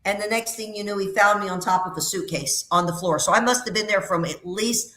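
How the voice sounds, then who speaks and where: A woman's voice: medium pitch, a little fast, pushed and bright, roomy sound. A middle-aged woman working as a psychic medium on a call-in radio show, talking in a chatty, emphatic way and repeating her phrases. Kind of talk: casual radio call-in readings.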